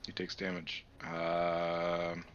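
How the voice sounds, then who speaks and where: A man's voice: sits low, monotone, drawn-out words, fairly bright tone, muffled recording, slight background noise. A man playing in a tabletop game, checking the rules. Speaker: player.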